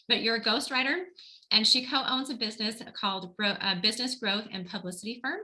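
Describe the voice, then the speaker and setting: A woman's voice: on the high side, fast talker, pushed and bright, rough recording. A woman hosting an online panel over a video call, chatty and enthusiastic, often restarting and correcting herself. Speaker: host.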